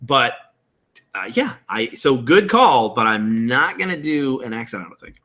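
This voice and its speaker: A man's voice: medium pitch, very animated, unhurried, pushed and bright. A man in his thirties hosting a live-streamed tutorial, casually explaining tabletop game rules and answering chat.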